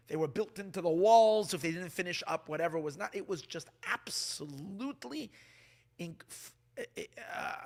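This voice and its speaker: A man giving a sermon as a rabbi, animated and prone to restarts, who acts out quoted dialogue. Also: high voice.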